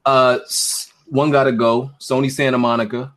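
A man's voice: medium pitch, level tone, normal speed, fairly bright tone. A man hosting a gaming podcast, laid-back and teasing, chatting casually with his guests. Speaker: podcast host.

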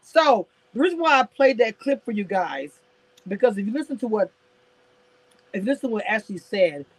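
A woman's voice: on the high side, sing-song, moderate pace, no echo, low-quality recording. A woman hosting a casual live stream about reality TV, sassy and laughing often as she answers her viewers in chat.

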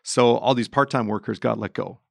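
A man talking politics on a casual podcast panel, thinking aloud with halting restarts. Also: medium pitch, gravelly, no echo.

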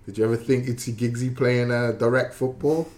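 A man's voice: mid-range voice, steady tone, fairly quick, darkish tone. A man who is a former footballer, talking football in a matey, emphatic way. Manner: matey, emphatic, laughs easily. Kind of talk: casual football punditry.

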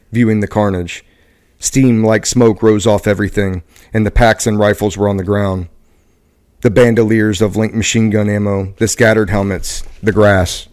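A man hosting a podcast who reads a book passage aloud at a steady pace, now and then stumbling and correcting himself. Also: fairly low pitch. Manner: steady reading with occasional stumbles and self-corrections. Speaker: podcast host.

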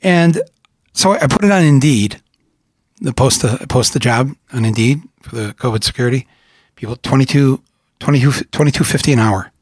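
A middle-aged man from Michigan hosting a conversation, rambling and animated, with frequent restarts and laughs. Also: mid-range voice, normal speed, dry recording, clean studio sound. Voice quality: husky. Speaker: host. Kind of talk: casual conversation.

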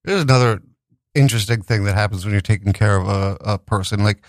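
A man telling a story in casual podcast chat, animated and profane, often restarting his sentences. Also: on the low side, quick pace, no room sound, studio quality.

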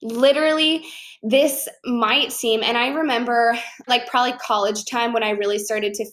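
A young woman from Chicago telling a travel story and giving social tips in a chatty, animated way with lots of fillers. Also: on the high side, normal speed. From Chicago, USA. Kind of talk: casual storytelling to camera.

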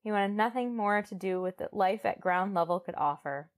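Woman reading aloud and joking. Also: mid-range voice. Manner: joking, laughs often, pauses on fillers. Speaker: podcast co-host. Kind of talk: casual chat mixed with reading aloud from a novel.

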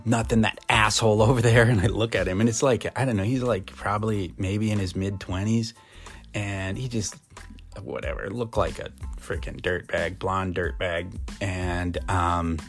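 Middle-aged montana guy rambling thru a story, real low voice, um and uh everywhere. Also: fairly even intonation, unhurried, soft background music. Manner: rambling, lots of fillers and restarts. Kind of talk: casual storytelling monologue.

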